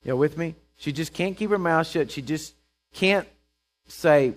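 Man, preaching, chatty and lively, acts out characters. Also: on the high side, unhurried. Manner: conversational, checks in with the congregation; acts out Bible characters in quoted voices. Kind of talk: sermon.

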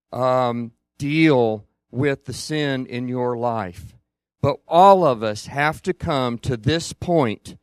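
A man preaching a sermon as a pastor, earnest, with long pauses and hushed emphasis. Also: a little high, no echo, clean studio sound.

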